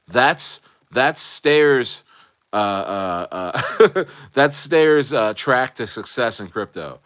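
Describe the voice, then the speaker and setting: A man ranting casually on a livestream, animated and slangy, repeating himself and often asking if you know what he means. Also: medium pitch, clear, resonant tone. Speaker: streamer.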